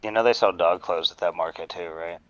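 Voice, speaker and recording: A man rambling in relaxed livestream chat on a headset mic. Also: sits low, brisk, no room sound, dull audio.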